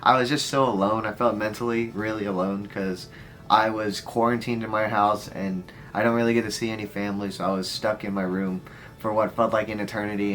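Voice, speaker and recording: A man's voice: fairly low pitch, a bit bright. A man in his early twenties telling a heartfelt story in a rambling way, full of fillers. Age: 20s. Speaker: storyteller vlogger. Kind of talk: casual story time.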